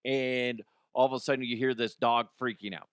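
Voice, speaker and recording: A man's voice: mid-range voice, steady tone, moderate pace, smooth, no room sound, studio quality. A man hosting a comedy show, ranting casually in an exasperated way and swearing freely. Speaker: comedy podcast host.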